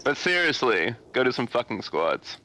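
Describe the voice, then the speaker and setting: Bright-voiced young man, crude teasing. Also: medium pitch, moderate pace, slight background noise, low-quality recording. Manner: crude teasing deadpan jokes. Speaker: streamer co-host. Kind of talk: casual gaming-stream banter.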